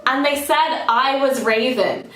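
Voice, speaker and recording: A woman's voice: sits high, unhurried, fairly bright tone, reverberant, far from the mic, soft background music. A woman, telling stories in a casual, self-mocking vlog and jumping to sudden squeals. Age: 20s. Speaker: vlogger.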